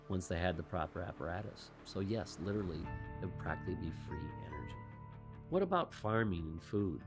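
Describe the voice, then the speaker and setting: Male host, lowish voice, commentary monologue full of rhetorical questions and dry quips. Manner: rhetorical questions with wry asides.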